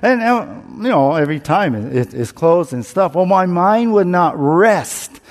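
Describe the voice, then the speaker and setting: Male pastor, slightly high voice, self-deprecating storyteller, long hall reverb. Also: expressive, measured pace. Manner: candid, self-mocking storyteller who acts out his own panic. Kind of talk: sermon with personal story.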